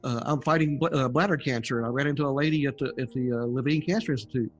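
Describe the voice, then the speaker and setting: A man's voice: mid-range voice, quick pace, soft background music. An older man telling his story in a casual interview, folksy and chuckling as he goes. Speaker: guest sharing near-death testimony.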